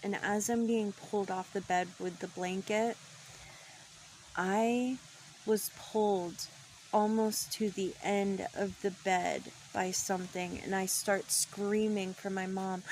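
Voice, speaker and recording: A woman's voice: mid-range voice, fairly even intonation, slow, darkish tone, a little hiss or hum. A woman casually telling a true paranormal story from her childhood, chatty and dropping into whispers for suspense. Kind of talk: casual first-person storytelling.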